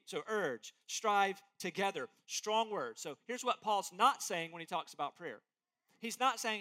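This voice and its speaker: Guy preaching, pretty high pitched, gets loud and animated on key points. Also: moderate pace. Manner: animated, emphatic, acts out quotes. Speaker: pastor. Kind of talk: expository sermon.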